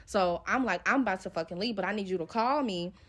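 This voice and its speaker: Talking at a quick pace with a medium-pitched voice, a young woman shares a real-life story in casual, profane slang. She acts out the conversations, quoting the dialogue scene by scene.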